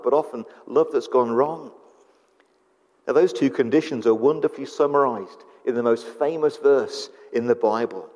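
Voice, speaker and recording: A man preaching a sermon in a slow, earnest manner with deliberate pauses. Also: medium pitch, darkish tone. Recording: long hall reverb.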